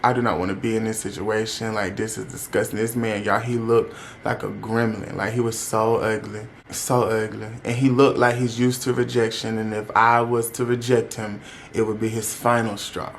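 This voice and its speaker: A man's voice: lowish voice, level tone, normal speed, creaky, a little hiss or hum. Young man telling a candid story. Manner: candid, chatty, uses slang and addresses viewers. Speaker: vlogger. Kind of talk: casual storytime vlog.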